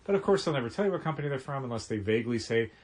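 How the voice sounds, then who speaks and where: A man's voice: medium pitch, racing. Chatty man telling a phone story. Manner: animated storytelling with quoted phone voices. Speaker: podcast co-host, comic shop co-owner. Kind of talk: casual podcast chat.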